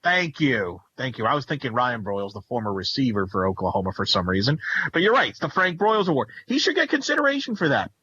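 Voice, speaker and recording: A man co-hosting a sports talk podcast, lively and upbeat, often restarting sentences. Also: mid-range voice, fast talker, husky, dull audio. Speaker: podcast co-host.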